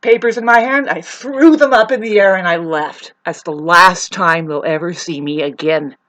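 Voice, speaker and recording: A woman's voice: on the low side, moderate pace, a bit bright, rough recording. A woman telling a personal story to camera as a vlogger, rambling and restarting, heated and swearing. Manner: rambling, repeats herself, restarts often.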